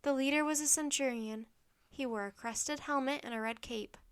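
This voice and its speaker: A woman reading a children's chapter book aloud in a steady, clear narration. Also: sits high, moderate pace. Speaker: storybook narrator.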